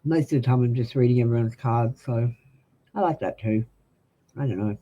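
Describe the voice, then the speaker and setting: A woman's voice: a bass voice, moderate pace, lo-fi sound. An Australian woman reading tarot cards on a live stream, chatting bluntly and casually with viewers in a practiced announcer-style delivery. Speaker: tarot reader.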